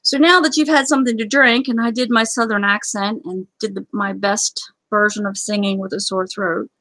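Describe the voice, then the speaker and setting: A woman's voice: medium pitch, steady tone, normal speed, a bit bright, dry recording, poor audio. A woman hosting a casual live game show, chatty and rambling, often apologizing. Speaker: livestream host.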